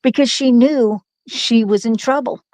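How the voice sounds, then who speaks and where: A woman's voice: a little high, a little slow, a little mellow, no room sound, poor audio. Chatty laughing middle-aged woman, dry sound. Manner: chatty, laughs often, lots of restarts. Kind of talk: casual storytelling chat.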